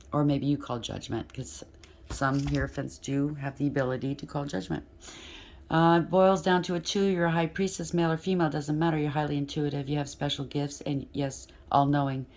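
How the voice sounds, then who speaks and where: With slight background noise and a mid-range voice, a tarot reader gives a casual spoken reading aimed straight at the listener. The reader keeps checking in with rhetorical "right?" and "okay?" and occasionally stumbles over words and starts again.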